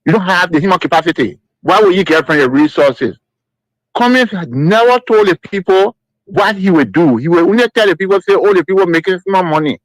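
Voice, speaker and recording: A man's voice: sits high, lively intonation, brisk, no room sound, low-quality recording. A man calling into a radio show, blunt and scornful. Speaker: caller. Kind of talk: call-in political complaint.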